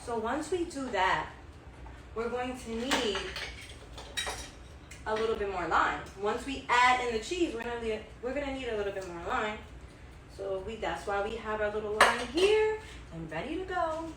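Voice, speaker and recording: Cooking and tasting in her home kitchen, this channel host is chatty and enthusiastic and repeats herself often on her own vlog. She speaks at a moderate pace in an expressive, fairly high voice, picked up by a distant mic in an echoey room with background noise.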